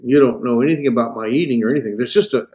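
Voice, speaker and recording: A man with an American Southern accent teaching a Greek class, explaining slowly with many fillers and restarts. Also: mid-range voice, darkish tone. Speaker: Greek instructor. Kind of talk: classroom lecture and Q&A.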